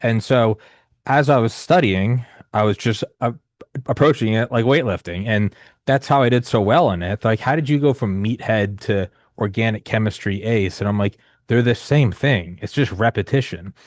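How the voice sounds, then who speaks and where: A man's voice: lowish voice, moderate pace, no room sound, clean studio sound. A man in his thirties telling a long personal story in casual conversation, rambling and profane with many restarts and fillers. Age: 30s.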